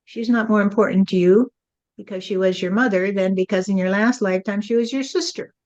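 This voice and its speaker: A woman's voice: mid-range voice, fairly quick, darkish tone, lo-fi sound. A woman acting as a spirit medium, relaying channeled messages in a musing way and often tagging her lines with "you see.".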